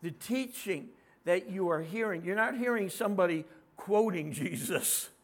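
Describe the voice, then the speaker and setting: High-pitched raspy middle-aged male preacher. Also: expressive, moderate pace. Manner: conversational preaching, questions to the congregation. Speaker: pastor. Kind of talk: sermon.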